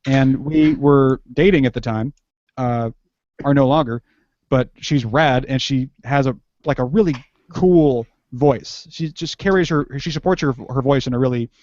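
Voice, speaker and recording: A man's voice: medium pitch, a little slow, a little mellow, dry recording. Rambling young man on a podcast. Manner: rambling, self-interrupting, laughs often. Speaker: podcast guest. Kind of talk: casual podcast chat. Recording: dull lo-fi recording.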